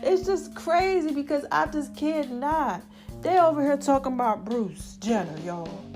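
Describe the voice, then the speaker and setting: A woman's voice: high voice, lively intonation, measured pace, over music. A woman hosting her own podcast in casual solo chat, laughing often and calling her listeners baby and y'all. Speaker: podcast host.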